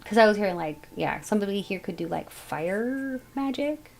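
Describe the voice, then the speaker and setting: A woman giving a casual tarot reading, thinking aloud as she goes in a musing, unhurried way. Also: medium pitch, lively intonation, creaky, soft background music, poor audio. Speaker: tarot reader.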